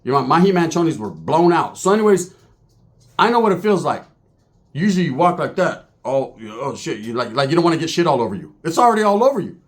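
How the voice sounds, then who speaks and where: A man's voice: on the high side, sing-song, quick pace. A man telling a crude prison story, swearing freely and acting out the other people's voices. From California. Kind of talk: profane storytelling monologue.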